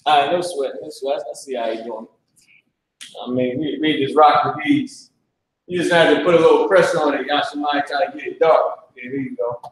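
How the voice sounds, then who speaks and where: A man's voice: fairly high pitch, a little fast. A man leading a loose classroom lecture, slangy, blunt and profane, often drifting into asides. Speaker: teacher. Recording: very echoey room.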